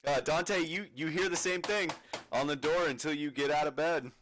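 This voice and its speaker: A man's voice: on the high side, normal speed, fairly bright tone, dry recording. A man running a tabletop game as game master, laughing often and talking with many fillers and restarts.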